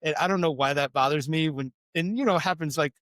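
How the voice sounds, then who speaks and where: A man's voice: a little high, quick pace, a bit bright, no room sound. A man, co-hosting a podcast in rambling, self-deprecating casual chat. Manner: rambling, self-deprecating, with many fillers and restarts. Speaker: podcast co-host.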